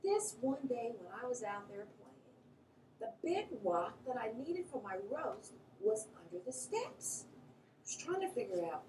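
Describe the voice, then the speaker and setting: Animated woman telling a childhood story. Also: unhurried. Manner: animated storytelling, pitch jumps at exciting moments. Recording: roomy echo, slightly distant mic, faint background hiss.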